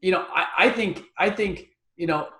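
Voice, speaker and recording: A man's voice: sits high, moderate pace, pushed and bright, roomy sound. A man guest on a podcast interview, talking through ideas conversationally and often repeating words as he thinks. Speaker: guest, real estate investor.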